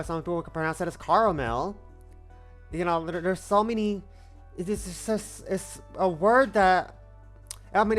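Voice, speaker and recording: A woman in her twenties streaming a game, chatting casually, rambling and playfully repeating herself. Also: lowish voice. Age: 20s. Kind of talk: casual let's-play chat.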